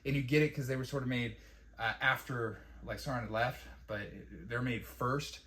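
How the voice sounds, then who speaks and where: A man's voice: medium pitch, steady tone, normal speed, a bit bright. A man casually reviewing a fantasy TV episode, rambling and profane, with lots of fillers. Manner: rambling and profane, with mocking quoted impressions.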